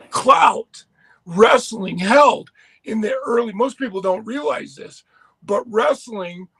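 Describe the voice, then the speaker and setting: A man with a high voice talks wrestling history in a rambling, enthusiastic way, restarting his sentences often. The sound is dry and close, with almost no room around it. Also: gravelly, a bit bright, no room sound. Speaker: podcast co-host. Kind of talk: casual chat.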